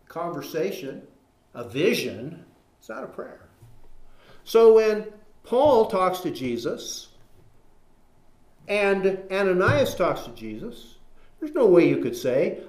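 Man preacher, slightly high voice, argumentative sermon full of rhetorical questions, roomy echo. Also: a little mellow. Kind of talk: sermon with scripture reading.

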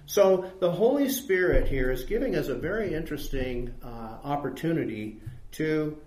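A man's voice: a little high, expressive, normal speed, darkish tone, echoey room. A man teaching a Bible study class, reading verses aloud and asking his listeners questions.

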